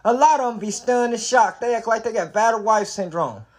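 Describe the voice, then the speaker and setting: A man's voice: sits high, brisk. A man telling a story in casual, profane chat and acting out the voices of the people in it. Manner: animated, profane, acts out quotes.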